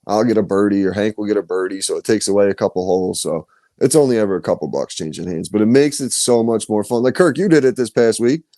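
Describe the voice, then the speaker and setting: A man's voice: on the low side, fast talker, warm tone, no echo, clean studio sound. A man hosting a podcast, telling stories in loose, profane casual chat. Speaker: podcast host.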